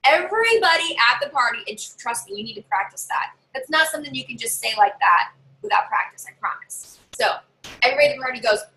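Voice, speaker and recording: A woman's voice: high-pitched, animated, fast, pushed and bright, poor audio. A woman giving casual how-to tips to camera as a party sales consultant, chatty and bossy, talking from her desk at home. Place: home desk with a drawer and her dog nearby.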